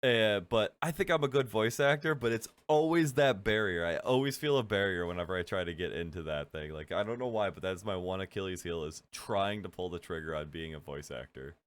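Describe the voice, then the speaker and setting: A man's voice: deep voice, brisk, hardly any pauses. A man co-hosting a podcast in casual chat, laid-back and laughing often. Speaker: podcast co-host.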